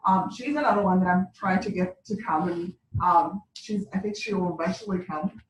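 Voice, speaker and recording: At a sales meeting, a woman beauty consultant shares casual, chatty stories and laughs while she talks. Her voice is fairly low at a moderate pace. The recording is from a meeting room, echoey, with a distant mic and a faint hum behind it.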